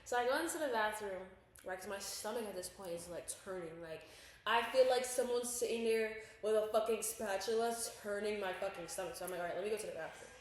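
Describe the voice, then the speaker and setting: A young woman telling a wild story on a home podcast, swearing freely and acting out what she and others said. Her voice sits at a middle pitch and rings in a very echoey room. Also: brisk, slight background noise. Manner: profane, vivid storyteller who acts out her own quotes. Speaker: podcast co-host. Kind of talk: casual storytelling chat.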